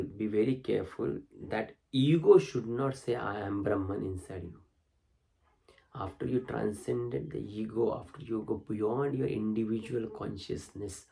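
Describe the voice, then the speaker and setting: A man teaching as a spiritual teacher, reading a spiritual text aloud and explaining it in a slow, contemplative way with emphatic rises. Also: fairly low pitch, creaky, warm tone, low-quality recording.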